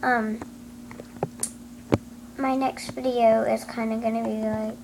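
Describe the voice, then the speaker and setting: Woman vlogger, casual and meandering, unhurried delivery, clear noise behind her. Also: fairly high pitch, flat delivery. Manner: rambling, hesitant, full of ums. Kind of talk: casual chat to camera.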